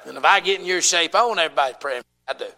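A man's voice: a little high, rapid-fire, bright, forceful tone, long reverb tail. A man with a Southern US accent preaching a sermon, folksy and emphatic, calling out to his congregation.

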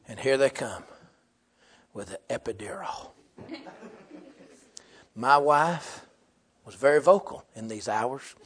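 A young man, preaching a humorous sermon. He tells stories loudly, often laughing and breaking into shouts. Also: mid-range voice, slow pace, long pauses.

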